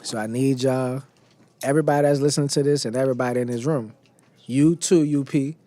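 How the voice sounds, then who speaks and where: A man's voice: mid-range voice, steady tone, brisk, dark tone. A young man, a rapper guest on a radio show, talking in a laid-back way. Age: young adult. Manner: laid-back, talks with his mouth full. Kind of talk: casual radio interview. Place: radio studio.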